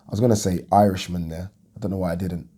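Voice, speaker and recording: A man's voice: sits low, steady tone, fast, mellow, husky. A young man giving a rambling, casual reaction to a boxing fight as a vlogger, thinking aloud and restarting his sentences.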